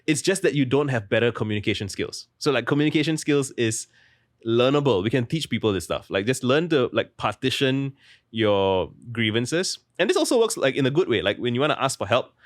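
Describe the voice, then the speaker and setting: A man's voice: mid-range voice, animated, fairly quick, no room sound, clean studio sound. A young man talking casually as an interview guest, rambling and full of "like" fillers. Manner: rambling, heavy use of "like", restarts mid-thought. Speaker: guest author.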